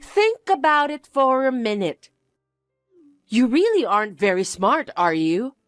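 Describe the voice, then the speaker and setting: A shrill, spoiled young stepsister with a sing-song, swooping delivery, as a woman puts her on in a dramatized story. She sounds condescending and demanding, and her words come out slow and drawn out. The voice is close and dry, with faint music underneath. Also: sing-song, no room sound. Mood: smug, bratty.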